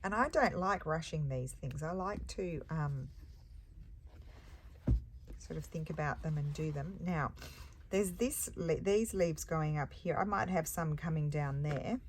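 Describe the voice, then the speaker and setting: Low-pitched woman crafter, casual stitching chat, meandering and musing. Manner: rambling, chatty, thinks aloud with hums and ums. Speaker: embroidery crafter and shop owner.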